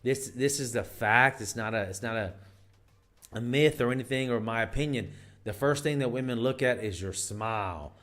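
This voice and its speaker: A man's voice: medium pitch, normal speed, fairly bright tone. Rambling, emphatic man giving advice. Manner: rambling and emphatic, frequent fillers and restarts. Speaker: dating advice vlogger. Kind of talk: casual advice monologue.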